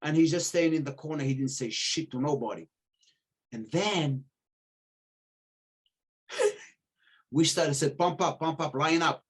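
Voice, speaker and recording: A middle-aged man telling stories in casual chat, animated, acting out the voices of the people he quotes and swearing freely. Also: fairly high pitch, measured pace, long pauses, breathy edge. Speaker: podcast guest telling stories.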